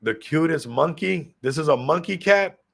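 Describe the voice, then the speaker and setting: Gravelly-voiced hyped livestream man. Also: fairly high pitch, normal speed. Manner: excitable, hyped, keeps addressing the viewers. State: a little sick. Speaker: crypto livestream host. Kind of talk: casual livestream commentary.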